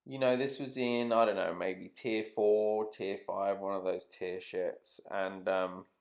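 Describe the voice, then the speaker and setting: A man's voice: sits low, steady tone, a little slow. A man telling a rambling, casual anecdote to camera, swearing freely and trailing off mid-sentence. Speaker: vlogger.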